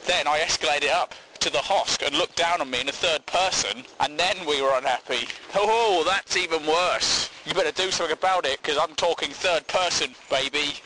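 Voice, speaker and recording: A man's voice: on the high side, normal speed, few pauses, background noise. Rambling man with crude humor. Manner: rambling, laughing at his own jokes, crude. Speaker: podcast host. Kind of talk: comic monologue.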